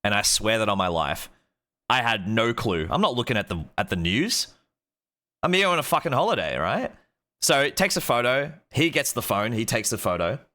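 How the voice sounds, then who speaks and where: Young Australian man, streamer, bright crisp tone, rambling anecdote, swears a lot. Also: mid-range voice, sing-song, normal speed. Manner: rambling, lots of "like", swears freely. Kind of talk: casual storytelling.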